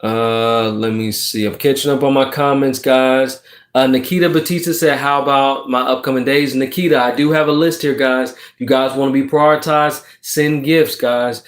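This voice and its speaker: Male livestream card reader, mid-pitched, emphatic and preachy, keeps checking in with viewers. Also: fairly even intonation, normal speed. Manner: swears casually while encouraging. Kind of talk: casual livestream chat, reading viewer comments.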